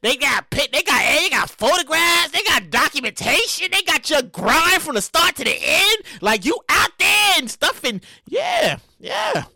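A man talking in a loose comedic monologue, his voice high and bright with a pitch that leaps all over the place. He swears freely, stumbles and restarts his sentences, and bursts into loud sing-song exclamations. The recording is close and dry. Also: very animated, moderate pace, hardly any pauses, no room sound. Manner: stammers and restarts often. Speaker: show host.

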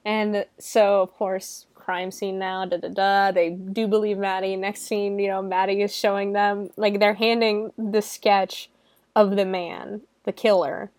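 A woman's voice: mid-range voice, level tone, unhurried, darkish tone, dry recording. A young woman casually recapping a horror movie in a chatty, giggly way, filling her talk with "like". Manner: chatty and giggly, heavy use of "like". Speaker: movie reviewer.

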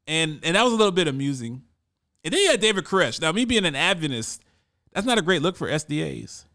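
A man speaks in a casual storytelling monologue, with a fairly high voice. His tone is bright and forceful. He talks conversationally and often doubles back on his words as he goes. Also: big pitch swings, quick pace. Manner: conversational, often repeats words when restarting.

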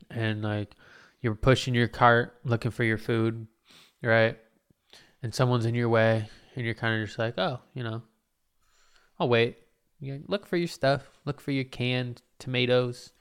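A man's voice: medium pitch, clean tone. A man hosting his own podcast alone, rambling in a self-mocking way and swearing often. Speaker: podcast host. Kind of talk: casual solo podcast monologue.

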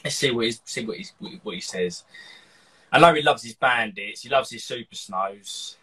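A man's voice: mid-range voice, normal speed, sharp tone, breathy edge, low-quality recording. A man from Cheshire hosting a casual live chat, rambling and laughing often. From Cheshire, England. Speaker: host of a live show.

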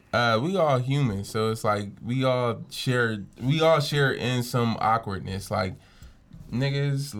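A young man co-hosting a podcast in casual chat, an animated storyteller who swears freely and acts out what people said. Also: medium pitch. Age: young adult. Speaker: podcast co-host.

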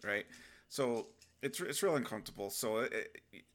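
A young adult man hosting a casual self-help video, speaking reflectively and acting out inner dialogue with sudden animated outbursts. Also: mid-range voice, normal speed. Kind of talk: casual spoken reflection to camera.

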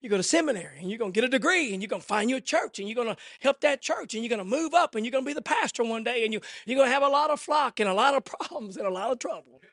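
A middle-aged man preaching an impassioned sermon, swinging between shouted fervor and hushed, intimate asides. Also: very high voice, lively intonation, rapid-fire, no echo, clean studio sound.

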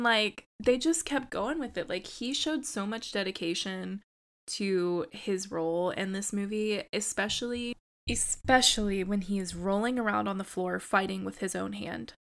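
A woman's voice: mid-range voice, unhurried, fairly bright tone. A woman co-hosting a podcast in casual chat, enthusiastic, swearing and saying "like" a lot. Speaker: podcast co-host.

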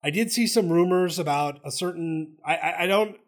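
A man with a Southern accent, co-hosting a casual sports talk show and cutting in with animated opinions. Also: a little high, normal speed. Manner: animated, talks over his co-host. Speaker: co-host.

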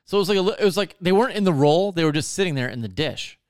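A man's voice: a little high, lively intonation, rapid-fire, clean tone, no echo, studio quality. A man telling a long story in a casual, rambling way, swearing often and full of fillers. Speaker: podcast co-host telling a story.

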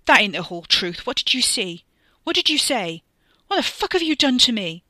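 A woman's voice: medium pitch, flat delivery, moderate pace, echoey room, long reverb tail. A woman doing a furious, panicked young man. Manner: shouting, anguished.

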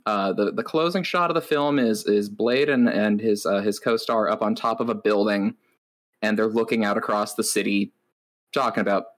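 A man's voice: fairly low pitch, normal speed. A man co-hosting a podcast, telling stories in a wry, rambling way with lots of filler words. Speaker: podcast co-host. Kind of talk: casual chat.

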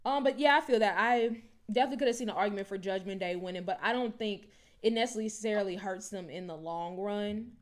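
A woman co-hosting a podcast, chatting casually and animatedly about wrestling, with lots of "like" and "low-key". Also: a little fast. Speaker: podcast co-host.

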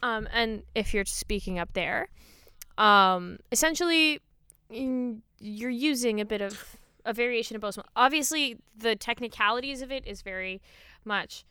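A woman's voice: fairly high pitch, unhurried, bright, forceful tone, clear, resonant tone, dry recording, clean studio sound. A woman co-hosting a podcast, explaining vocal technique in a casual chat with many fillers. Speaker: podcast co-host.

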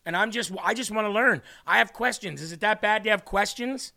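A man's voice: sits high, fairly quick, vocal fry, bright, forceful tone. A man hosting a faith podcast, reading viewer comments aloud in an earnest, emotional way and tearing up. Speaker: podcast host.

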